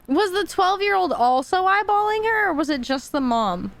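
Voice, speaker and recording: A woman's voice: very high voice, sing-song, moderate pace, vocal fry. A woman chatting casually on a podcast, swearing freely and joking. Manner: laughs often, swears, chatty. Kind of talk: casual chat.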